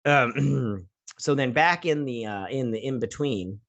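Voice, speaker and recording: A man's voice: mid-range voice, takes it slowly, gravelly, a bit bright. A man in his thirties hosting a casual episode recap, rambling and acting out the characters' lines in silly voices. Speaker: host.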